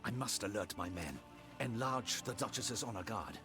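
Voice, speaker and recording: A man's voice: on the low side, normal speed, over music, close to an everyday voice. An actor playing a formal, earnest male knight captain in a video game, speaking emphatically. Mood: indignant.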